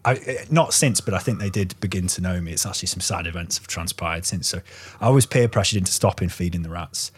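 A man co-hosting a casual comedic chat, swearing freely and rambling, with a husky voice. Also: sits low, fast talker.

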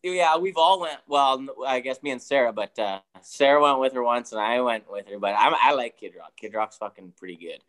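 A man's voice: mid-range voice, animated, brisk, few pauses, fairly bright tone. A man who is a podcast guest, talking in laid-back casual chat, blunt and swearing often.

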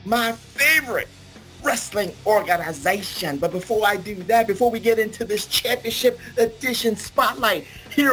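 A man hosting a casual podcast over a video call, excitable and theatrical, with grandiose self-introductions. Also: high voice, normal speed, faint music behind, low-quality recording. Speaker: podcast host. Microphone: remote video call.

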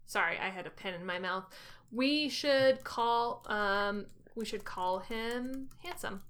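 A woman co-hosting a casual podcast. Her voice sounds bright and forward, at a middle pitch. She talks in an animated way and often stops to correct herself. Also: slow pace. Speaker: podcast co-host. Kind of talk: casual chat.

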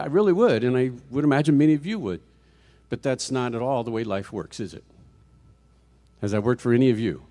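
A man's voice: mid-range voice, a little mellow. A middle-aged man preaching a conversational sermon as a guest speaker in a church, with frequent restarts and rhetorical questions to the congregation. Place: church sanctuary.

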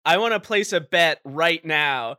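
A man's voice: a little high, expressive, a little slow, pushed and bright, smooth, no room sound, studio quality. A man co-hosting a podcast in casual, joking chat. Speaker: podcast co-host.

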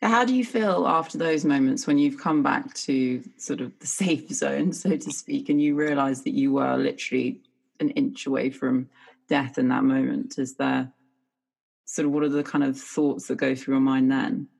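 Interviewer with a husky, gravelly voice; reacts with exclamations and asks reflective follow-ups. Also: medium pitch, fairly even intonation, normal speed. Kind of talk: conversational interview.

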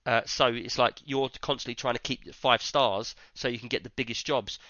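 A man's voice: medium pitch, steady tone, moderate pace, bright, forceful tone, no echo, highs cut off. A man hosting a casual tech podcast, chatty and rambling with lots of fillers. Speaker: podcast host.

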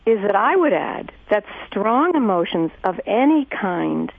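A woman's voice: mid-range voice, very animated, measured pace, vocal fry, no room sound. Effusive woman host on phone-like audio. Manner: effusive, enthusiastic, many restarts. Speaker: host and therapist. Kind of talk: conversational interview.

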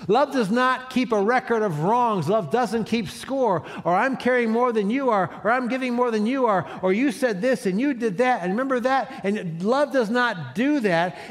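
A man's voice: very high voice, moderate pace, hardly any pauses. A man preaching a sermon as pastor, leading his congregation in call-and-response. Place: church sanctuary.

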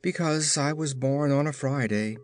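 A man's voice: mid-range voice, normal speed, lightly acted. Man voicing a young boy, gloomy, mournful, downcast, storybook. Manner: mournful and sad.

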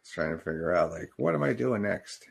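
Husky, animated man chatting over a film. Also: low-pitched, fairly quick. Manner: chatty, jokey asides and reactions. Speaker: co-commentator watching a film. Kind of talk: casual watch-along commentary.

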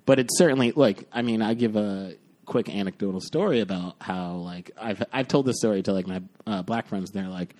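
A man's voice: fairly low pitch, brisk, few pauses, a little mellow. A man hosting a podcast, telling a long story in casual chat, rambling with lots of fillers and swearing. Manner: rambling, profane, full of fillers; acts out quoted lines in other voices. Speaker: podcast host.

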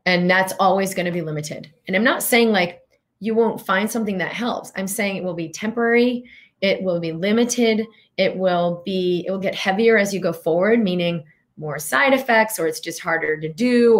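Woman, middle-aged, wellness coach, earnest, reflective, slightly low voice. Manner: earnest, reflective, with guided questions. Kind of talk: teaching talk to listeners.

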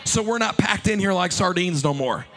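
A man preaching a sermon as pastor, passionate and loud, leading the congregation in call-and-response. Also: high-pitched, expressive, moderate pace, slight background noise.

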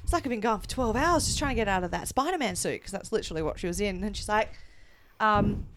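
A woman co-hosting a casual podcast, talking at an ordinary middle pitch. She chats freely and acts out little quoted asides as she retells things. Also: expressive, fast talker, fairly bright tone, slight background noise. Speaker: podcast co-host. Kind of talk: casual chat.

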